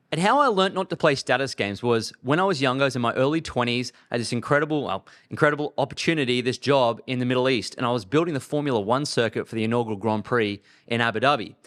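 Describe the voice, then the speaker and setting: A man's voice: medium pitch, quick pace, hardly any pauses, fairly bright tone. A man in his thirties delivering blunt, emphatic money advice as a show host.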